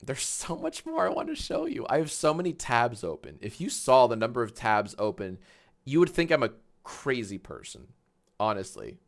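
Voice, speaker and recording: A man hosting a live stream, chatting casually and loudly, swearing, laughing and getting excited in bursts. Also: moderate pace, creaky. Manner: excitable, loud, swears, laughs often, big swings in pitch and volume. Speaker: livestream host. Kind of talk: casual livestream chat.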